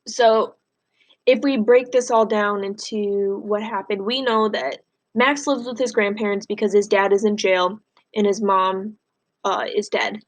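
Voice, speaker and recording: A woman's voice: mid-range voice, fairly even intonation, a little slow. A woman teacher reading a novel aloud and stopping to explain it in a casual way, with fillers.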